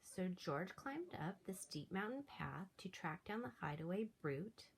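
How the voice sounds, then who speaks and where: School librarian, low-pitched woman, animated storytime reading. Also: unhurried, gravelly, slight background noise, poor audio. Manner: animated read-aloud with soft asides. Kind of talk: reading a picture book aloud.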